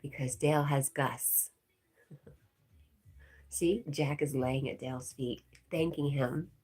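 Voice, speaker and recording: A woman's voice: low voice, steady tone, slow, a little mellow, breathy edge. A woman hosting a casual livestream, reading viewer comments aloud and chatting back with frequent laughs. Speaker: livestream host.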